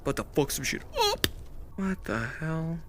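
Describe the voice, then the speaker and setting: A man's voice: fairly high pitch, animated, unhurried, pushed and bright, slight background noise. A man streaming a horror game, jumpy and swearing constantly, with nervous laughter. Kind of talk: live horror game commentary.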